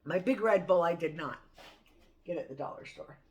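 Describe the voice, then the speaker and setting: A woman's voice: fairly low pitch, animated, normal speed, darkish tone. Rambling, chatty woman vlogger. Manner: rambling, chatty, laughs often. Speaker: cooking vlogger. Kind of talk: casual morning chat to camera.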